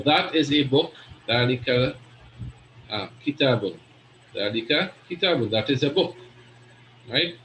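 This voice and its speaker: A man's voice: mid-range voice, fairly bright tone. Guy teaching an arabic class, patient, keeps asking right?, roomy echo with a bit of hiss. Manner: patient, repeats and checks with "right?". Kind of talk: classroom lesson explaining Arabic grammar.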